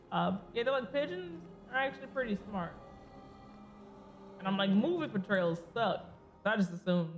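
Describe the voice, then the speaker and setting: A female streamer chats and giggles through a video game, talking back to its characters in casual commentary. Her voice sits in the mid range, with a little hiss or hum on the recording and faint game music behind her.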